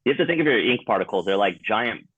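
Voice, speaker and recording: A man with a very low voice explains things in a relaxed, casual podcast chat, dropping in plenty of fillers. His voice sounds narrow and thin, like it is coming over a phone line, with a dry, close sound. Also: fast talker, husky, no echo. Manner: explanatory, laid-back, frequent fillers. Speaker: tattoo removal specialist, podcast guest.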